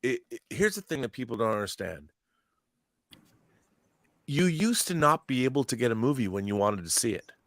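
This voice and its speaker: Guy in his 50s telling stories on a podcast, blunt and lively, mid-pitched voice, dry sound. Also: moderate pace, long pauses, dry recording. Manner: animated anecdotes, blunt, acts out dialogue. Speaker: podcast co-host. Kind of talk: casual storytelling chat.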